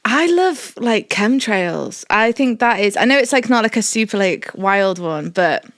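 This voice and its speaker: A woman's voice: mid-range voice, animated, measured pace, fairly bright tone, no room sound. Rambling woman comedian, dry close sound. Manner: chatty, rambling with many fillers. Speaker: comedian guest. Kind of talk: casual chat.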